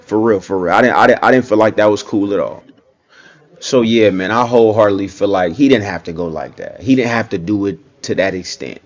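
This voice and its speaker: A relaxed young man with a slightly low voice, giving an off-the-cuff reaction commentary. He talks loosely and conversationally, circling back on himself with filler phrases. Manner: conversational, keeps saying "you know what I'm saying".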